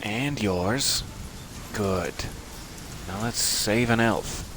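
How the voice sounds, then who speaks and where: A man's voice: on the low side, drawn-out words, background noise. A man giving casual, chatty commentary while playing a video game, thinking aloud and joking at himself. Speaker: let's play gamer.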